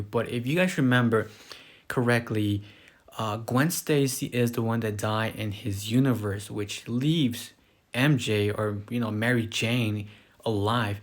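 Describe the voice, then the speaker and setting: A man's voice: on the low side, unhurried. Rambling man recapping a movie. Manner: rambling, loose paraphrasing with many fillers. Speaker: movie reviewer. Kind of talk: casual spoken movie recap.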